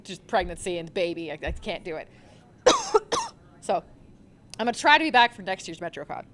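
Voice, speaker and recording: A woman's voice: fairly low pitch, wildly swooping pitch, moderate pace, fairly bright tone. A young woman recommending manga on a live convention panel, gushing and rambling with lots of fillers.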